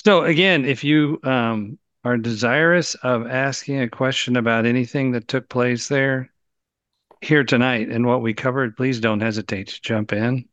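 A man's voice: mid-range voice, steady tone, normal speed, fairly bright tone, dry recording. A man co-hosts an online Bible study and invites questions in a casual, conversational way. His audio is dull and lo-fi, with a very dry sound.

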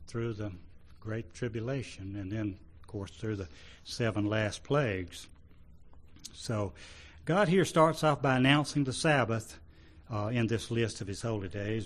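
Man preaching a halting sermon. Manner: rising to loud emphasis when reading scripture, dropping low between; halting, with fillers and restarts. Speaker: pastor.

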